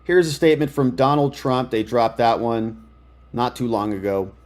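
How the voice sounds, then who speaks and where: A man doing live political commentary, sarcastic and excitable as he reads news items aloud. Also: mid-range voice, moderate pace.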